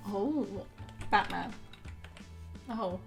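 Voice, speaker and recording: Brief: sister co-host, deadpan teasing, middle pitch, soft background music. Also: female voice, extremely slow, creaky. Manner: dry, teasing remarks. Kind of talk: casual chat.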